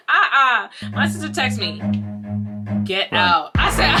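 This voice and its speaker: A young woman telling a casual storytime vlog, animated and acting out the voices of the people she quotes. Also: high voice, fairly quick, soft background music. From Haitian family. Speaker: vlogger.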